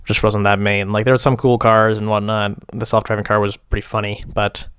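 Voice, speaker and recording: A man's voice: lowish voice, little pitch movement, a little fast, fairly bright tone, clean tone, no echo, studio quality. A young man casually reviewing films as host, rambling with fillers in a wry, dismissive way. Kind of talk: casual film review chat.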